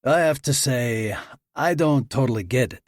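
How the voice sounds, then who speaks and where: A man performs the voice of a skeptical young lock expert in his twenties, using a challenging tone. The expressive, normal-speed delivery is pitched above his own voice yet stays close to an everyday voice, recorded dry with clean studio sound.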